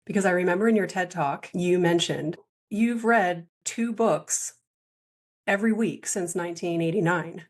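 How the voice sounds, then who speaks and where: A woman's voice: fairly low pitch, normal speed. A woman hosting a podcast interview, asking questions in an earnest, appreciative way. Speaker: podcast host.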